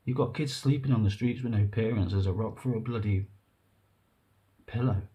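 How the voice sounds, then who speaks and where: With a lowish, warm voice, the vlogger delivers an earnest, emotional monologue to camera. He rambles and halts, often stopping mid-thought and starting again.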